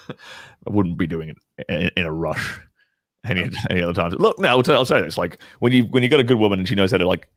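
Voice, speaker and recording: Low-voiced laid-back man, dry sound. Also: expressive, a little fast, no echo. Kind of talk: casual chat.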